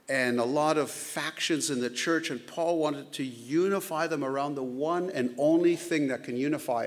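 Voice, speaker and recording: Preacher in a reverberant church. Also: male voice, medium pitch. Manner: conversational storytelling with emphatic slowdowns. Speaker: pastor. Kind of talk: sermon. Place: church sanctuary. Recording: reverberant hall.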